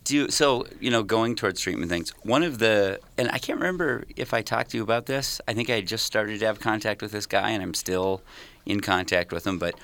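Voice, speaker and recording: A man's voice: on the low side, a little fast, a bit bright. A man hosting a casual podcast chat, joking crudely and swearing freely.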